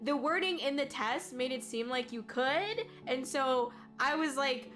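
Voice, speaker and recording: Bright rambling young woman streamer. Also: sits high, unhurried. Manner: rambling storytelling with frequent fillers and self-restarts; laughs often and gets loud when excited. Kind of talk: casual chat. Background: faint background music.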